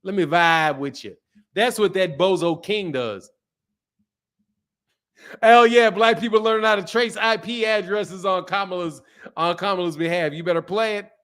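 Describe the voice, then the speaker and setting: A man with a slightly high voice hosts a live stream, talking loosely and joking with his viewers. He laughs often and answers comments as they come in, in an easygoing, casual way. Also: moderate pace, a bit bright, clear, resonant tone. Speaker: live-stream host reading chat.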